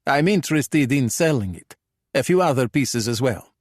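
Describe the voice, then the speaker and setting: A man voicing a male operative posing as an Italian thief, with a put-on Italian accent and dry, unhurried replies. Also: medium pitch, expressive, dry recording, natural voice. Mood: cool. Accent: put-on Italian accent in English.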